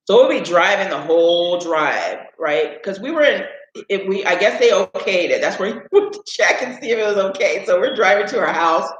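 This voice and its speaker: A man's voice: sits high, expressive, moderate pace, a bit bright. A man from Illinois telling a rambling childhood story on a live stream, often saying "anyways" and "right?". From Illinois, USA. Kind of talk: casual storytelling. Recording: echoey room, dull sound.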